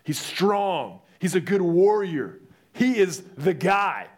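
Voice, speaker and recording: A young man preaching a sermon, telling the story in a lively way and acting out the voices. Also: sits high, slow pace.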